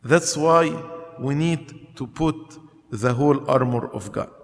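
A man preaching a sermon slowly and emphatically, counting off his points and asking rhetorical questions. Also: medium pitch, slight background noise. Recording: long hall reverb.

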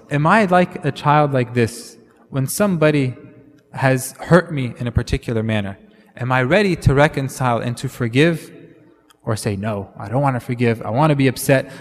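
A man delivers a sermon in a loose, conversational way, sprinkling Arabic fillers between his points. His voice sits at an ordinary middle pitch. It rings out with a long reverb, as if in a church hall. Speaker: preacher.

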